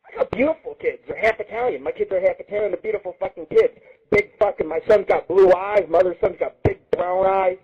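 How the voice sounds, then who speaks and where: A man's voice: sits high, brisk, husky, highs cut off. A man hosting his own internet radio show, ranting crudely and boasting in a taunting, profane monologue. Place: Las Vegas.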